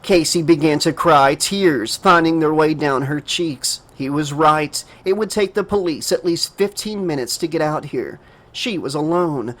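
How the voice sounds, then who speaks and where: A man narrating a horror audiobook dramatically, raising his pitch for a frightened girl's lines. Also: a little slow, a bit bright. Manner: emotive reading, voices the girl in a higher pitch.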